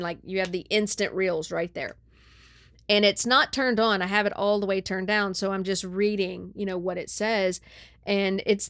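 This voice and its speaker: Animated woman telling a story. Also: mid-range voice, no echo. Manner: animated, often says "right?" and "like". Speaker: podcast host. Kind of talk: casual storytelling chat.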